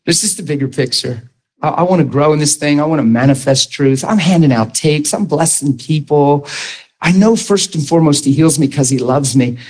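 A man's voice: fairly high pitch, normal speed, a little mellow, low-quality recording. A man preaching an earnest testimony sermon, talking to his audience directly and conversationally.

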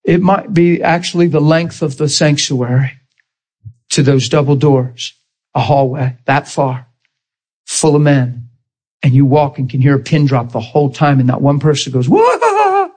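A man, a pastor, telling a personal testimony in a sermon, animated and leaping into high excited exclamations. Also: moderate pace. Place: church sanctuary.

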